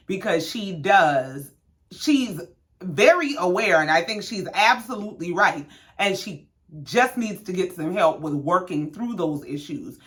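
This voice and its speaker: A sassy woman in her thirties hosting a casual reality-TV recap. She talks in slang-filled, animated storytelling. Her pitch swings widely as she tells it.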